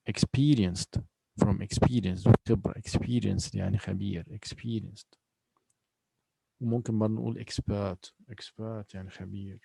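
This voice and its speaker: Gravelly teacher explaining patiently. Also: male voice, lowish voice, warm tone, dry recording, poor audio. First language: Arabic. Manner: patient, explains slowly, repeats words. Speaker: English teacher. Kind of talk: bilingual classroom lesson.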